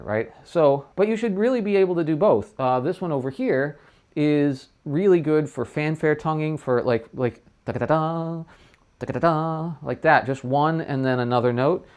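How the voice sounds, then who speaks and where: A man's voice: mid-range voice, a little mellow. A middle-aged man teaching trumpet tonguing in a casual livestream lesson, chatting loosely and sounding out syllables.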